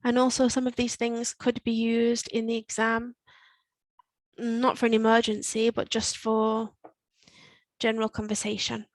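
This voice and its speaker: A woman teaching Spanish to learners, repeating phrases slowly and explaining them step by step. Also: on the high side, monotone, no echo, rough recording. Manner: slow, careful modelling of Spanish phrases. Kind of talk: recorded language lesson.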